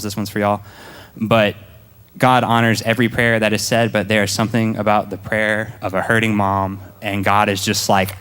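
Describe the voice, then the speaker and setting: A man's voice: lowish voice, a bit bright, clean tone, long reverb tail. A young man tells his personal testimony to a church congregation in a casual storytelling way. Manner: casual, storytelling, acts out his past self. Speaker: church speaker giving testimony.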